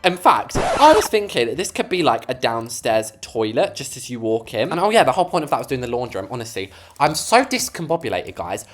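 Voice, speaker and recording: A man's voice: medium pitch, very animated, a little fast, few pauses, slight background noise. An eighteen-year-old man, chatting playfully to viewers as he builds and decorates in a game, his voice sometimes cracking. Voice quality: occasional voice cracks. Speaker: gaming YouTuber. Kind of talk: casual game-build commentary.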